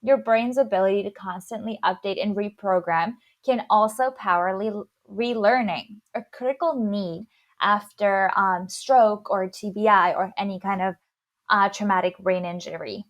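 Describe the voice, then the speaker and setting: A woman's voice: medium pitch, normal speed. A woman podcast host with a slight lisp, explaining a science topic in casual chat and stumbling over long words as she goes.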